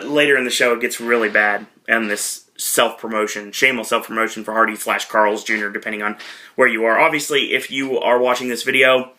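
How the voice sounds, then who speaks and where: A man's voice: fairly low pitch, pushed and bright, slight background noise. A man giving a casual, chatty recap monologue as a podcast reviewer, with frequent asides to his viewers.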